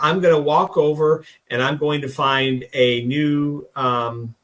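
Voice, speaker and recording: A man co-hosting a political podcast, talking in a folksy, rambling, emphatic way and acting out little dialogues. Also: medium pitch. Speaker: podcast co-host. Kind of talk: casual political talk. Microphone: video call.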